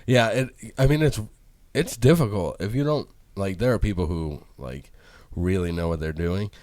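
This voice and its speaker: A man co-hosting a podcast, chatting casually and acting out the people in his stories with lively quotes. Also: deep voice, moderate pace, dry recording. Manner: animated storyteller, acts out quotes. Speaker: podcast co-host. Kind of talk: casual chat.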